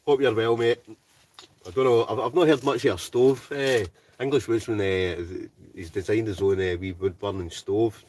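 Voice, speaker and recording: A man's voice: fairly low pitch, steady tone, normal speed, darkish tone, recorded from a distance, slight background noise. A Scottish man hosting a live stream from inside a hot tent, chatting casually and reading out viewer comments, often ending lines with "right?". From Scotland. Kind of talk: casual live-chat banter.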